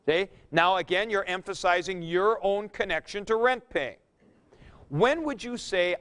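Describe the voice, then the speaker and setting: A man's voice: high-pitched, unhurried, a bit bright, clean tone. A middle-aged man teaching a grammar lecture in a folksy, emphatic way, working through examples aloud.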